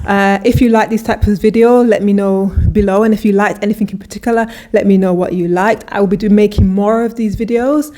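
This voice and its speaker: A woman's voice: mid-range voice, steady tone, fairly quick, few pauses, dark tone. A woman vlogger talking casually and enthusiastically through a clothing try-on haul, often restarting her sentences. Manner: chatty, enthusiastic, with frequent restarts.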